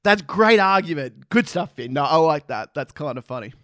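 A man's voice: a little high, animated, normal speed, a bit bright, no room sound, studio quality. A man giving profane, sarcastic reaction commentary. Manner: sarcastic, mocking, swears a lot.

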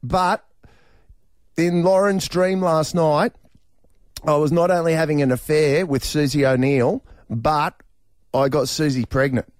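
A man's voice: fairly high pitch, steady tone, measured pace, long pauses, no echo, clean studio sound. Chatty Australian male radio host. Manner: rambling and chatty, with many fillers and restarts, often laughing. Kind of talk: casual radio chat. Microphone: studio microphone.

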